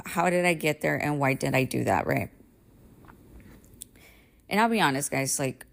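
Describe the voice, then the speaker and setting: Low, gravelly woman telling a raw story. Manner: raw, confessional, swears freely. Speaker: podcast host. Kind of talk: candid personal storytelling.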